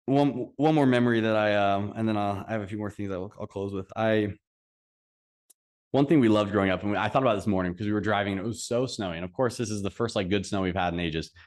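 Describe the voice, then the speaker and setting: A man's voice: fairly low pitch, quick pace, a little mellow. Man giving a heartfelt funeral tribute. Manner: heartfelt storytelling with fillers and restarts. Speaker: eulogy speaker, brother. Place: funeral service.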